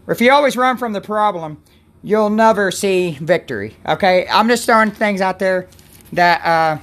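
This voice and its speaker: A woman hosting a Christian livestream, in a rambling, chatty way that keeps interrupting itself. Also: on the low side. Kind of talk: casual devotional chat.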